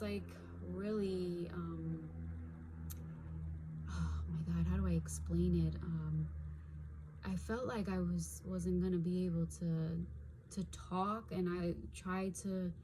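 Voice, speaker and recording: A woman in her thirties with a slightly low voice tells her own story in a relaxed, unscripted way. She often stops mid-sentence, fills gaps with "um" and "like," and gropes for the right words. A faint hiss of background noise sits under her voice. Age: 30s. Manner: halting, searching for words with many fillers. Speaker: stroke survivor telling her story. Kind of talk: casual personal storytelling.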